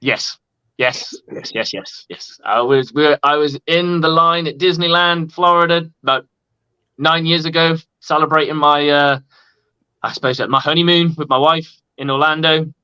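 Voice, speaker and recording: A man's voice: a little high, fairly even intonation, moderate pace, sharp tone, clear, resonant tone, dry recording, highs cut off. Laid-back man on a video call. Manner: laid-back, swears freely, storytelling. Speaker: guest. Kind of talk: casual chat.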